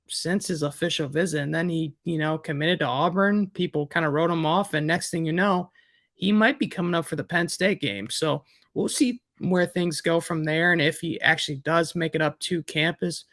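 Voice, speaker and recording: A man's voice: a little high, steady tone, normal speed, a bit bright, dry recording, studio quality. A man with a Midwestern American accent, co-hosting a sports podcast in a rambling way, with many fillers and restarts. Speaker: recruiting analyst co-host. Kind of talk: casual sports podcast chat.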